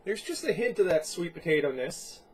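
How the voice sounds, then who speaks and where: A congested man hosting a casual beer review at home, rambling and halting with lots of fillers. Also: a little high, big pitch swings, slightly rough, poor audio.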